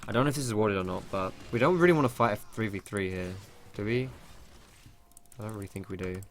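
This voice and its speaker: Fast-talking young man. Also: on the low side. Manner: chatty, rambling, swears when surprised. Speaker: gameplay commentator. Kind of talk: casual gameplay tutorial commentary.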